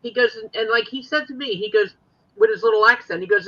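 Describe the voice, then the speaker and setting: Male podcast voice, high, very bright and sharp, muffled lo-fi sound, animated. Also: brisk. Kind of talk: casual podcast chat.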